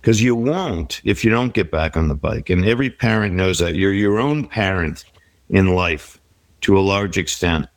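A man's voice: low-pitched, moderate pace, no room sound. A middle-aged man speaking as an interview guest, giving reflective, encouraging advice in a conversational way. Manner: reflective, advice-giving, with quoted inner voices.

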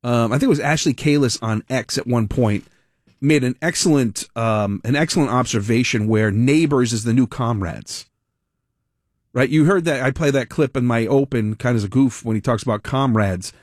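A man's voice: medium pitch, normal speed, no echo. Male radio host, opinionated political rant, sarcastic, dry close studio sound. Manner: animated, rambling, sarcastic, with mock impressions.

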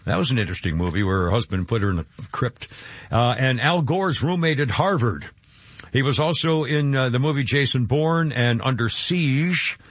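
Male radio host, husky and lively, rambling and excitable, dull broadcast sound. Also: mid-range voice, no echo. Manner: rambling, excitable, quick to laugh. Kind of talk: casual morning radio talk. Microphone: studio microphone.

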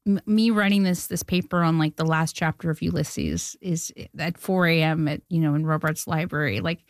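Brief: thirtyish Canadian woman, lively rambling anecdotes, dry close sound. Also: low voice, moderate pace, dry recording. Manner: animated storyteller, laughs often, many fillers. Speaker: filmmaker guest. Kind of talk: casual interview chat.

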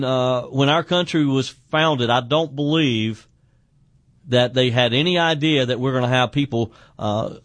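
A man's voice: medium pitch, fairly bright tone, no echo. Radio talk guy hosting call-ins, stumbles n repeats words, dry close sound. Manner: repeats words and restarts often. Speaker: radio talk show host.

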